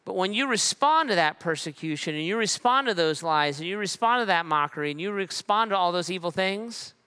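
Man, pastor in church, fairly high and bright voice, relaxed sermon, repeated phrases. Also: smooth. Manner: conversational and relaxed, with repeated phrases and slow emphatic pauses.

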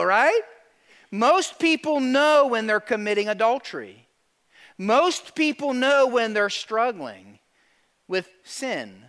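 A middle-aged male pastor preaching a lively sermon, acting out quotes and calling for amens. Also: high-pitched, measured pace. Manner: animated preaching, asks for amens, acts out quotes.

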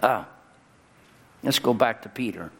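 A male pastor delivering a sermon in a church, his voice jumping high and loud on key words. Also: unhurried, a little hiss or hum. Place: church sanctuary. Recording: long hall reverb, faint ambience.

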